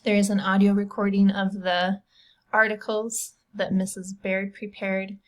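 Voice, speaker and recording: A middle-aged woman teaching a recorded online lesson at a middling pitch for a woman. She talks patiently and walks through each point step by step, dropping casual asides as she goes. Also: flat delivery, measured pace.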